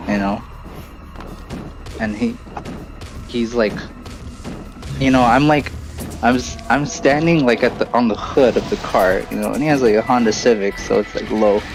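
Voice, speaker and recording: A man's voice: medium pitch, normal speed, long pauses, rough recording. A man in his late twenties or thirties, a streamer host telling a long story in a loose, rambling way full of fillers. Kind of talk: casual storytelling during a game stream. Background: game music.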